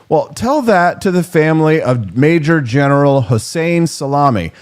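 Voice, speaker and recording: A man's voice: fairly high pitch, expressive, normal speed, slight background noise. A man in his forties giving a sarcastic, comedic political monologue as a commentator. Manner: sarcastic, mocking.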